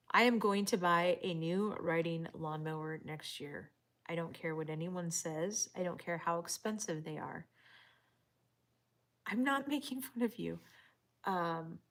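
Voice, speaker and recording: A woman's voice: on the low side, a bit bright. A woman livestreaming casually outdoors, reading chat and talking to viewers, often dropping into whispers and bursting into laughs. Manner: chatty, drops to whispers and laughs.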